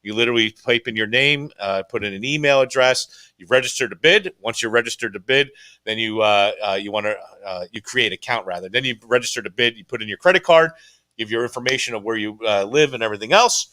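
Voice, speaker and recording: Man chatting on a stream, bright voice, rambles and restarts a lot, auction owner. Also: mid-range voice, fast talker. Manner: rambling, lots of fillers and restarts. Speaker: auction house owner, guest. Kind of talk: casual chat on a live stream.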